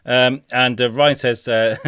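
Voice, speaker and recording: A man's voice: mid-range voice, steady tone, slow pace, a bit bright, clean tone, dry recording, studio quality. A man hosting a casual podcast chat, often laughing, reading quotes aloud in silly put-on voices. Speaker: podcast host.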